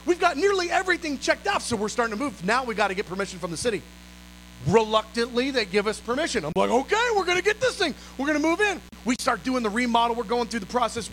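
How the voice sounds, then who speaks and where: A male pastor telling a story in an animated, dramatic sermon style. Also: very high voice, a little hiss or hum, poor audio.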